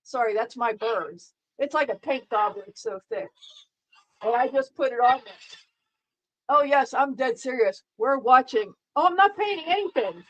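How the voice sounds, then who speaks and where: A middle-aged woman talks to her live-stream viewers in a loose, rambling way. Her voice sits a little high. She restarts her sentences often and keeps a dry, sarcastic edge. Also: animated, moderate pace, fairly bright tone, poor audio. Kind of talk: casual live-stream chat.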